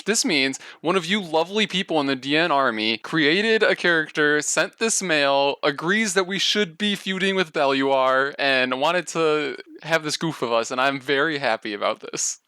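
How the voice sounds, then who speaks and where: A man's voice: fairly high pitch, moderate pace, hardly any pauses, pushed and bright, clear, resonant tone, no echo, clean studio sound. A man co-hosting a casual gaming podcast, friendly and earnest. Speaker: podcast co-host.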